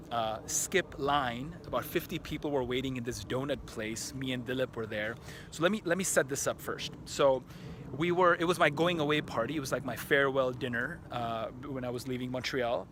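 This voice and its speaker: A man vlogging outdoors at a park tennis court, telling a story to his camera in an excitable, rambling, profane way full of restarts. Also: mid-range voice, a little hiss or hum.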